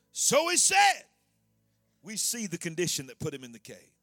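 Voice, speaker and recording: A male preacher delivering a fervent sermon, shouting his points and calling out to the congregation. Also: sits high, huge pitch swings, normal speed, no echo, soft background music.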